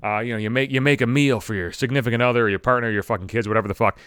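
A man's voice: medium pitch, steady tone, rapid-fire, fairly bright tone, clear, resonant tone, no echo, studio quality. A man hosting his own podcast, ranting in a casual comedic monologue, profane and self-mocking. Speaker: podcast host.

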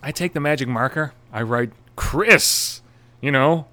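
A man's voice: mid-range voice, big pitch swings, slow pace, sharp tone. Young guy ranting through a story on his podcast, swears constantly, sarcastic. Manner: crude, sarcastic, heavy swearing. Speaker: podcast host. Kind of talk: profane storytelling monologue.

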